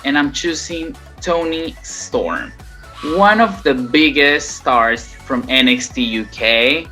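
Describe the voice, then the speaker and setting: A host talks through a ranked list in a measured, steady way. The voice sounds bright and forward. Soft music sits faintly behind. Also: mid-range voice. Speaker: channel host. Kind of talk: casual wrestling commentary.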